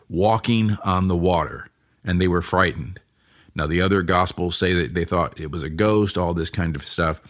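A man's voice: deep voice, fairly bright tone. A man hosting a Bible podcast, explaining scripture in an earnest, conversational teaching style and reading passages aloud.

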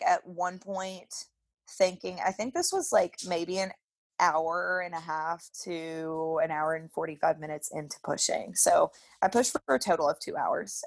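A woman's voice: fairly low pitch, no echo. A young woman telling a personal story as a podcast guest in a casual, chatty way, with frequent "like" fillers and laughter. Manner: chatty, peppered with "like", laughs often.

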